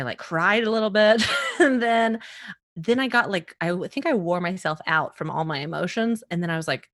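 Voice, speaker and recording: A woman comedian from the US East Coast, a podcast guest telling a story in a casual interview, lively, laughing often and acting out the voices of the people she quotes. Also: lowish voice.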